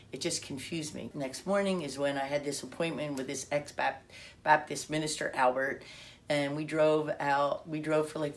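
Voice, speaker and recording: A woman telling her personal testimony in an animated way, acting out quotes and restarting her sentences often. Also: low-pitched, slight background noise. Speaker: speaker sharing a personal testimony.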